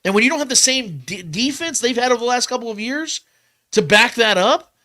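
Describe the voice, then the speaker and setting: A man hosting a podcast, debating football predictions in a casual, animated way, often repeating himself to drive a point home. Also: very high-pitched, fairly quick. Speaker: podcast host.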